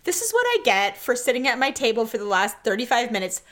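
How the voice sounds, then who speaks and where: Expressive woman guest on a podcast. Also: fairly high pitch. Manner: expressive, quick to agree and laugh. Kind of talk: casual podcast chat.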